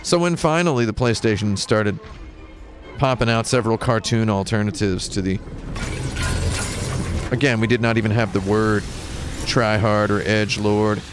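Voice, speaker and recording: Wry rambling American man, low voice. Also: moderate pace, long pauses. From United States. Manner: wry, tangent-prone, mock-indignant rants. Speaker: streamer playing a game. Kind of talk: rambling live-stream commentary. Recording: game music playing behind.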